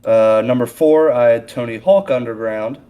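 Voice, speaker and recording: Male podcast guest, mid-pitched, easygoing. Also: normal speed, clear, resonant tone. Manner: relaxed, hesitant with fillers. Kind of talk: casual podcast chat.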